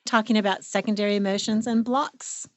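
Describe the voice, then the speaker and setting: A woman's voice: mid-range voice, fairly even intonation, a little fast, heavy background noise. A middle-aged woman co-hosting a therapy podcast, talking reflectively and with emotion. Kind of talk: casual conversational podcast.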